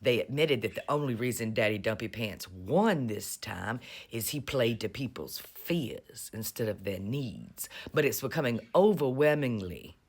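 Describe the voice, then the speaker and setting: A woman's voice: very deep voice, expressive, a little slow, few pauses, husky. A woman giving casual, sarcastic political commentary in a mocking, drawling manner. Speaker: vlogger.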